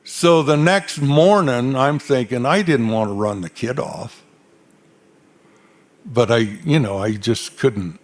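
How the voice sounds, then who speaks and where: A man's voice: medium pitch, animated, takes it slowly. An older man from Arizona, telling cowboy stories onstage in a folksy, dry-humored drawl. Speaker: cowboy storyteller. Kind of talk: onstage storytelling. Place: stage before a live audience.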